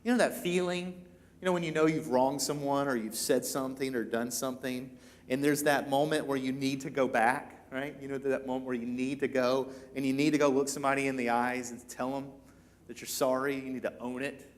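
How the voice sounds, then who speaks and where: A man's voice: mid-range voice, steady tone, brisk. A man preaching to a church congregation, talking in a casual, conversational way and acting out the quoted lines. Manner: conversational, acts out quoted lines, many repeats. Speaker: pastor. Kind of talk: sermon.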